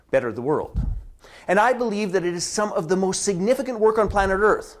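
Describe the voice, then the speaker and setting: A business strategist giving a scripted promotional address, with dramatic delivery that drops into whispers for emphasis. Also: medium pitch. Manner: acts out contrasting inner and outer voices.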